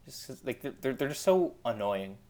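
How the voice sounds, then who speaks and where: A man's voice: medium pitch, very animated, normal speed, mellow. Sarcastic ranting hockey-fan man. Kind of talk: casual sports podcast chat.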